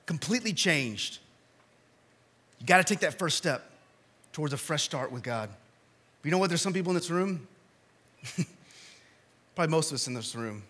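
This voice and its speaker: A male pastor preaching a sermon in a church, telling stories with big swings from shouting to quiet appeals. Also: on the high side.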